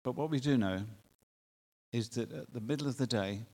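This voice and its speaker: Male preacher, earnest sermon delivery, mid pitch, long hall reverb. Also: mellow. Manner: earnest, drawn-out emphatic phrasing with rhetorical questions.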